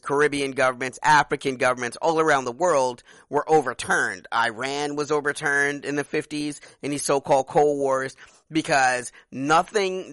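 A man co-hosting a casual political discussion, talking in an emphatic, animated way with some swearing. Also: on the high side, dry recording. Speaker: podcast co-host.

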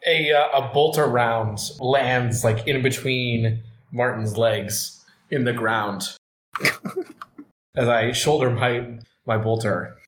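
A man playing in a tabletop role-play, describing his character's moves in short, dry remarks. His voice has a middling pitch. The room around him echoes, and a faint hiss sits under the recording. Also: slow, a bit bright. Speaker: player.

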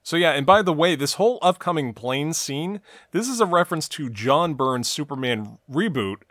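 A man's voice: a little high, lively intonation, normal speed, a bit bright, dry recording. Dry-voiced man recapping a show. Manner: narrates plot in long run-on recaps. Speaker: podcast co-host recapping a TV episode. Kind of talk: casual recap chat.

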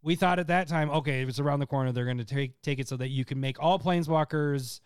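A man's voice: a little high, fast talker, smooth, no echo, clean studio sound. A man co-hosting a podcast in casual chat, rambling and often breaking into laughter. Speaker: podcast co-host.

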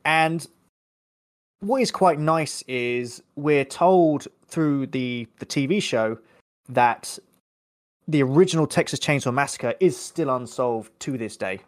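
A man's voice: medium pitch, slow. A young man co-hosting a podcast, chatting casually and rambling through a film review. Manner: rambling, self-correcting, chatty. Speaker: podcast co-host.

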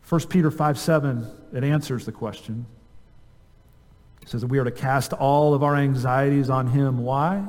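A male pastor preaching an earnest sermon, asking rhetorical questions and dropping to a soft voice on key words. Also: medium pitch, fairly even intonation, normal speed. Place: church sanctuary. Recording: long reverb of a church hall.

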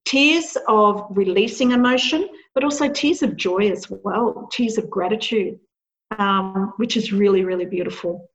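A woman who is a podcast guest, chatting casually and telling stories in an animated way, often laughing. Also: medium pitch, a little slow. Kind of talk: casual chat. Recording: dull lo-fi sound.

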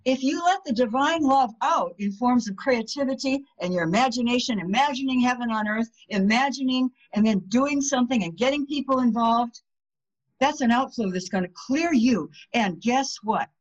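A woman's voice: on the high side, normal speed. A woman guest on a podcast, talking casually about spirituality and telling stories, and she acts out the voices of the people in them. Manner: animated storyteller, acts out quoted voices. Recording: dull lo-fi sound.

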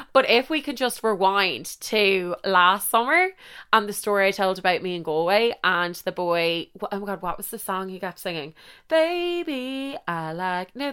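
A woman's voice: mid-range voice, sharp tone, clear, resonant tone. A young Irish woman in her twenties telling a rambling story in a casual monologue, swearing freely and interrupting herself.

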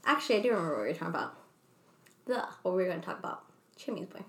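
A woman co-hosting a casual podcast, telling stories in an animated way, swearing freely and acting out quotes. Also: fairly low pitch, rapid-fire, gravelly. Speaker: podcast co-host. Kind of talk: casual chat. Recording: echoey room.

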